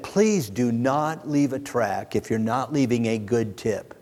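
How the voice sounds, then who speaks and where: A man's voice: medium pitch, long reverb tail. A man preaching a sermon, moving from emphatic declarations to folksy asides to his congregation.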